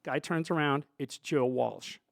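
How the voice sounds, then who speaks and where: A man's voice: medium pitch, unhurried, vocal fry, no echo, studio quality. A man, a sound engineer, telling stories from his work in a loose, rambling way full of asides. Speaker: sound engineer, show guest. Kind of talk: storytelling in a conversation.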